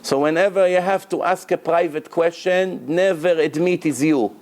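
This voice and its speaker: A man's voice: fairly high pitch, normal speed. A male rabbi giving a Torah lecture to a congregation, emphatic, repeating words for stress, with non-native grammar. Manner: breaks into loud acted shouting of prayers and quotes.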